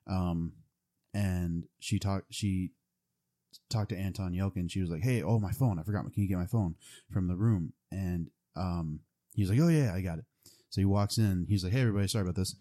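A man's voice: deep voice, dark tone. A young man casually retelling a movie plot, rambling with lots of fillers. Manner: rambling, full of "like" and "um".

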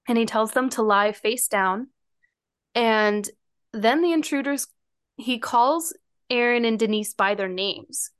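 A woman podcast co-host casually retells a true-crime story, leaning on frequent fillers. Her voice is fairly high, clear and resonant, and she speaks at a slow pace.

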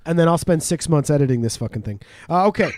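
High-voiced man hosting a podcast quiz. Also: lively intonation, fast talker, a little mellow, dry recording. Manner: laughing, swearing, teasing quiz-giver. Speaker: podcast host. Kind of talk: casual podcast chat. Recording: remote podcast call.

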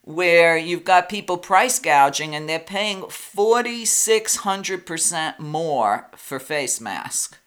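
A man's voice: fairly high pitch, lively intonation, slow pace, few pauses, fairly bright tone, clean tone. A man who hosts his own show, talking bluntly and indignantly in a casual political chat. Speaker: talk show host.

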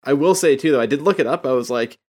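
A man's voice: mid-range voice, animated, fast talker, darkish tone. A man in a casual podcast chat, explaining jokes at length to his co-hosts. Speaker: podcast co-host.

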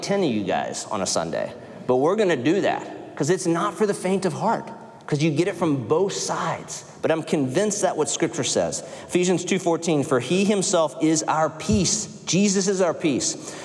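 A man delivers a sermon from the pulpit, earnest and direct, tossing rhetorical questions to the congregation. His voice sits a little high. The sound rings with the long reverb of a large hall. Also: darkish tone. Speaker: pastor.

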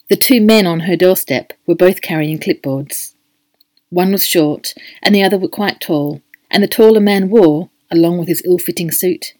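A woman reading a story aloud as a scripted audiobook narration, clear and even. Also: lowish voice, dry recording.

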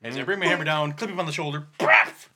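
A man playing in a tabletop game, chatting casually in an excitable, joking way and laughing often. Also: a little high, racing, heavy background noise. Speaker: player.

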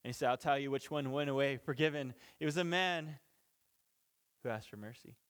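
A man's voice: mid-range voice, fairly quick, a bit bright. A man teaching through a Bible passage in an informal, conversational way, chuckling between points and restarting sentences. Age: parent of children. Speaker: pastor.

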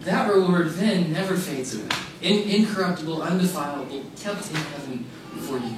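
Emphatic preacher in a very echoey room. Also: male voice, on the high side, moderate pace. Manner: emphatic, repeats key phrases, casual asides. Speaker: pastor. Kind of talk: sermon. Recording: very echoey room, mic far off, faint noise.

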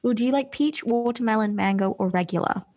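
A woman's voice: on the high side, quick pace, darkish tone. A playful woman with an English accent, co-hosting a podcast and asking questions in casual chat. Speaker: podcast co-host.

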